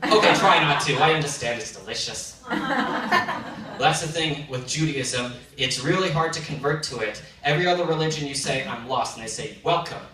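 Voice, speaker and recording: A male stand-up comedian performing a self-deprecating set with animated punchlines on a comedy club stage. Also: a little high, normal speed, distant mic. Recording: echoey club recorded from afar, noisy. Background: audience laughter.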